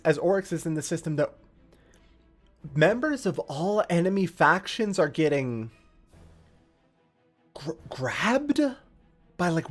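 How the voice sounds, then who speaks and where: A male streamer recaps a video game's whole story as a running joke, swearing freely. His voice sits a little high and swings up and down a lot. Faint music plays under him. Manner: animated, profane, joking. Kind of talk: comedic game-lore recap.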